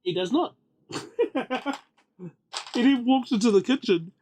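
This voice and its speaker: A man narrating as game master of a tabletop game, animated and quick to laugh. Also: very high-pitched, slight background noise.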